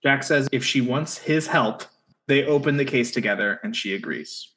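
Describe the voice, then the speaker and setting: A man co-hosting a casual podcast, summarizing plot points in a brisk way with wry asides. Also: mid-range voice, fairly bright tone, a little hiss or hum. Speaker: podcast co-host recapping episodes. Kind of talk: casual chat.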